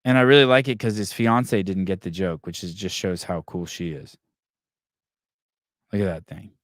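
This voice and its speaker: A man's voice: sits low, steady tone, normal speed, dry recording, studio quality. A man hosting a podcast in casual chat, reading live comments and ranting in a rambling, profane way with many restarts. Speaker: podcast host.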